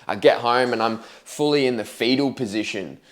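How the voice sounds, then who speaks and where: A man's voice: medium pitch, moderate pace. A young man casually telling his own story to camera, candid and slangy, swearing freely and acting out his past reactions.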